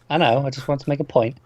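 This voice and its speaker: A man co-hosting a movie discussion podcast, offering quick, wry, opinionated takes in casual chat. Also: mid-range voice, no room sound. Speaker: co-host of a movie discussion show. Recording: slightly dull, lo-fi sound.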